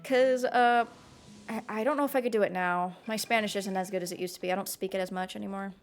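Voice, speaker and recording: A woman's voice: medium pitch, fairly even intonation, fast, faint music behind. A young woman chatting casually on a live stream, rambling and easily sidetracked while she plays.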